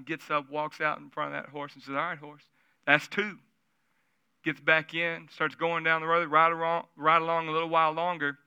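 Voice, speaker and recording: A man's voice: fairly high pitch, bright, forceful tone, clean tone, no room sound. A man preaching a sermon at a church service, telling stories in a conversational way and asking the audience questions. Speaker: pastor.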